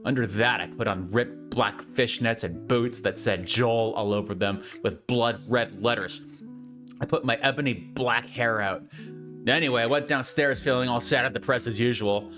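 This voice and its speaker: A man hosting a comedic reading of fanfiction aloud, mock-serious and deadpan, with sarcastic asides. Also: mid-range voice, moderate pace, soft background music.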